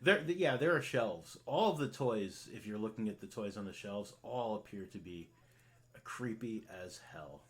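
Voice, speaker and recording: A man running a tabletop game as game master, rambling from one thing to the next and saying "like" over and over. His voice is lively, rising and falling as he describes the scene. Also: fairly low pitch, normal speed. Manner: rambling, full of "like" fillers.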